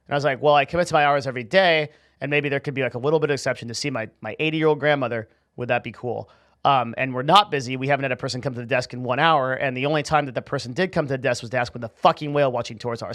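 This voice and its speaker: A man's voice: mid-range voice, a bit bright, no room sound, clean studio sound. A young man telling a personal story casually to camera, swearing freely, with lots of restarts and fillers. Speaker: channel host.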